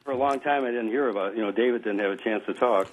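Male radio caller, low voice, light hiss. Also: fast talker, poor audio. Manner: joking, chuckling. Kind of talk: radio call-in chat.

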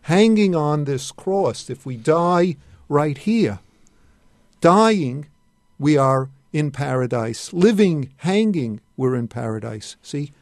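A man as a radio guest, reflecting on religion in short, paused phrases. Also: a little high, lively intonation, a little mellow, no room sound, clean studio sound. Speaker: studio guest.

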